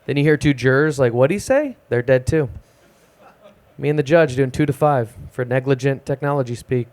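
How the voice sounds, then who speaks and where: A young man doing a self-deprecating, deadpan stand-up set at an open mic in a small music club. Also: medium pitch, moderate pace. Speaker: stand-up comedian.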